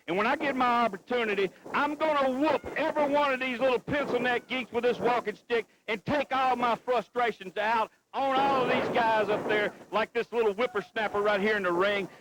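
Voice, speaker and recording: A man trades blustery insults as a wrestling color commentator. His voice sits high. The audio has the thin sound of an old TV broadcast. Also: noisy background. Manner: blustery, insulting heel banter.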